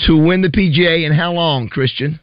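A man's voice: on the high side, a little fast, smooth, no room sound. A man co-hosting a sports radio show, chatting casually, laughing often and quizzing his co-hosts. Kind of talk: casual sports talk banter. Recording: dull lo-fi radio broadcast.

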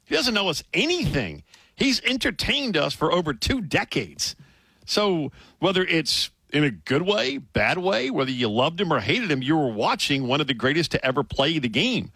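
A man's voice: fairly high pitch, big pitch swings, normal speed, pushed and bright, breathy edge, no room sound. A man co-hosting a sports talk radio show, blunt and opinionated. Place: radio studio.

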